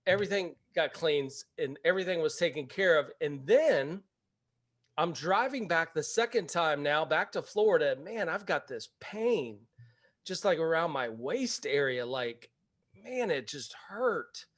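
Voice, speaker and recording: A man hosting a real estate webinar, telling a story in a casual, animated way and laughing as he goes. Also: on the high side, measured pace.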